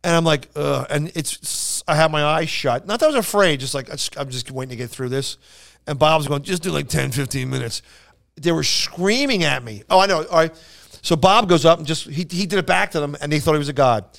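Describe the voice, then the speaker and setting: Comedian guy telling road stories on a podcast, kinda high voice, smooth, keeps restarting his sentences. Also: brisk, fairly bright tone. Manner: rambling anecdotes with many restarts and acted-out quotes. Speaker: stand-up comedian and podcast co-host. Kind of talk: casual storytelling chat.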